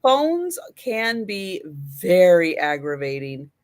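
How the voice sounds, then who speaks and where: Brief: woman, mid pitch, slow relaxed delivery, friendly stream host. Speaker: live sale host. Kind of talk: casual live-stream chat.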